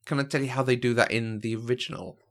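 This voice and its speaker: In a casual chat reviewing a film, a male podcast co-host talks at a quick pace in a mid-range, fairly bright voice. His speech is hesitant, with plenty of fillers and regular laughs.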